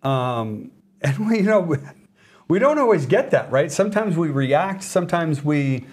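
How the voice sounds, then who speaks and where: Excitable rambling male livestream host. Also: fairly high pitch, moderate pace, slightly rough. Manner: excitable, rambling, self-interrupting. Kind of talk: casual livestream chat.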